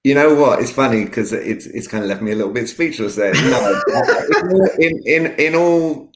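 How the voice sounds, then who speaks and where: A man's voice: mid-range voice, normal speed, a little hiss or hum. A man with an English accent, an upbeat, playful communications coach chatting as an interview guest. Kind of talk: casual interview chat. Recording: echoey room.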